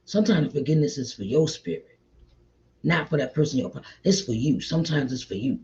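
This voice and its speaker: A middle-aged woman hosting an inspirational faith talk, repeating her points warmly and calling listeners child and honey. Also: low-pitched, expressive, fairly quick. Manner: repetitive, encouraging, calls listeners child and honey. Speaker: host. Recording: slightly dull lo-fi audio.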